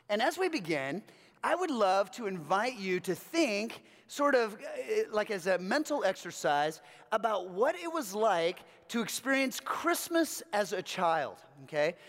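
A man's voice: high-pitched, fairly bright tone. A male pastor, out of breath and laughing, opening a sermon in a friendly, conversational way. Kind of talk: sermon introduction. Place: church sanctuary. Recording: long reverb of a church hall.

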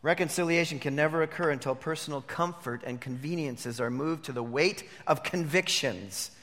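A male pastor delivers a sermon in a high, bright, ringing voice. He drops to a hush and then rises to firm emphasis. The sound carries the long reverb of a church hall. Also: normal speed. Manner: swings from hushed to emphatic preaching.

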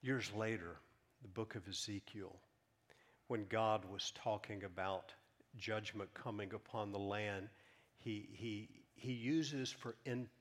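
A man preaching a sermon, reading scripture aloud with rising emphasis and dropping softer when he explains. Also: lowish voice, fairly even intonation. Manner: reads scripture aloud with rising emphasis, then drops soft; earnest, measured teaching. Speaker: pastor.

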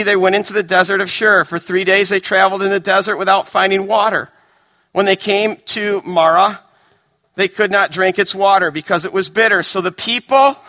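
A male pastor delivers a sermon in a high, bright voice. He builds emphatic, raised runs, then sinks to hushed, intimate lines. The delivery is animated and storytelling. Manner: dramatic, swinging from emphatic to hushed.

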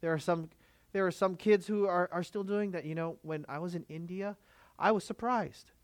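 A man's voice: sits high, moderate pace, dry recording. Emphatic male pastor preaching. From Filipino background. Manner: emphatic, rhetorical questions to the congregation. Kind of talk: sermon.

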